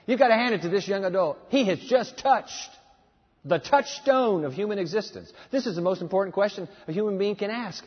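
A man's voice: high-pitched, lively intonation, fairly quick, breathy edge. A man preaching a dramatic storytelling sermon that acts out the dialogue, in an echoey hall on a dull lo-fi recording.

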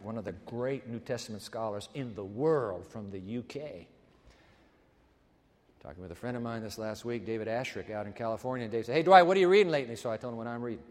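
A male pastor with a high, bright voice delivers a sermon in a church sanctuary. His words ring out with a long reverb tail. He moves from loud, emphatic declarations to hushed, almost whispered passages.

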